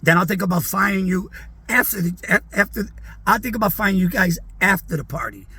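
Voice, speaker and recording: Middle-aged man, high-pitched and raspy, spinning an animated anecdote. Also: fairly quick. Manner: animated, acts out quoted voices. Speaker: storyteller. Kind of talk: casual anecdote.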